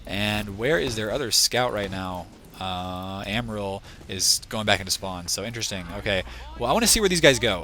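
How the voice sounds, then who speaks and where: A man casting a team shooter match on his own, his voice bright and edged but worn from a long event. He rambles and thinks aloud as the plays unfold, with a faint hiss of room noise behind him. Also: lowish voice, lively intonation, normal speed. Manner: rambling, restless, thinks aloud, chides the camera. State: losing his voice. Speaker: esports shoutcaster. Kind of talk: live game commentary.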